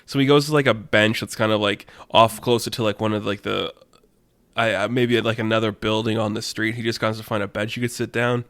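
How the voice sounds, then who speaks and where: A man's voice: fairly low pitch, steady tone, a little fast, a bit bright, no echo. A man telling an improvised story casually, rambling with many fillers.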